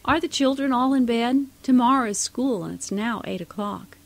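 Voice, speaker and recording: Woman voicing a small girl, hillbilly, bold, defiant, raised voice, slightly gravelly. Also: fairly high pitch, expressive, moderate pace, pitched above the performer's own voice. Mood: calling. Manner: spirited, defiant answers.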